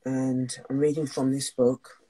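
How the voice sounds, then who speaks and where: A woman's voice: rumbling low, little pitch movement, measured pace, warm tone, a little hiss or hum. A woman hosting a talk, speaking openly and emotionally before reading a passage aloud. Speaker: host and wellness coach.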